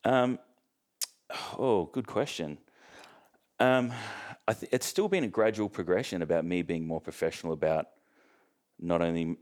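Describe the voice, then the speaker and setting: A young Australian man chatting casually as a podcast guest, joking and relaxed, with lots of ums. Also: low-pitched. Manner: joking, relaxed storytelling with fillers. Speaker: guest, professional bodybuilder.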